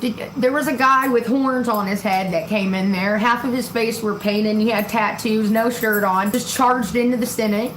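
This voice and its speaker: A woman's voice: on the high side, fairly even intonation, moderate pace, few pauses, fairly bright tone, slight background noise, poor audio. A woman hosting a casual live stream, telling rambling, profane stories and laughing often.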